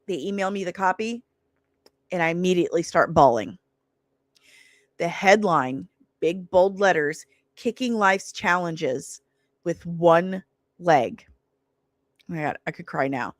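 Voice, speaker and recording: A woman's voice: on the low side, no echo. A woman in her forties telling a story in an emphatic, indignant way, as a salon owner. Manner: emphatic, indignant, stresses words hard. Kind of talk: casual storytelling.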